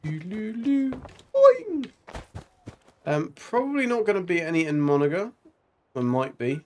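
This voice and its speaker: A man's voice: on the high side, very animated, fairly quick, darkish tone. A man streaming a video game, chatting casually and rambling with jokes and silly sound effects. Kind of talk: casual gameplay commentary.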